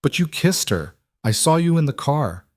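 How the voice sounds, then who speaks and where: A man's voice: fairly high pitch, big pitch swings, moderate pace, dry recording, studio quality, voice pushed up. A man voicing a bouncy, bossy eight-year-old girl who talks eagerly and with total certainty. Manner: eager, matter-of-fact, insistent.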